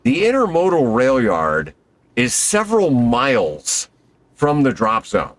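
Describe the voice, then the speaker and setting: Animated, swearing man telling a story. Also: slow pace. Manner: profane, excitable, acts out quotes in a higher voice.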